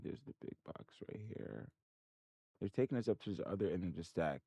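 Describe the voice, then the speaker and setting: A man's voice: low voice, very animated, a little fast, warm tone, breathy edge, no echo. A man hosting a trading channel, thinking aloud over his charts and muttering in frustration at his computer. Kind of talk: casual screen-share commentary.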